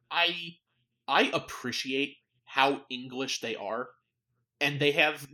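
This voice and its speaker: A man's voice: mid-range voice, bright, forceful tone. A man co-hosting a podcast in casual chat, hesitant and full of fillers but enthusiastic. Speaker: podcast co-host.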